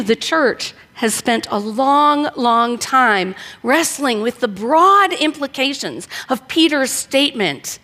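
A woman's voice: high-pitched, a bit bright. A woman pastor from the northern United States, giving a conversational sermon full of rhetorical questions. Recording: long reverb of a large room.

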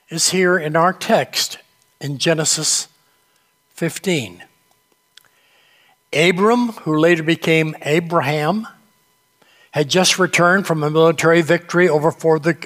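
A male pastor delivers a sermon in a church, easing his listeners in with light, humorous anecdotes. He takes his time over every phrase, and his voice sits a little high for a man. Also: in a large hall. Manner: unhurried storytelling, gentle humor. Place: church sanctuary.

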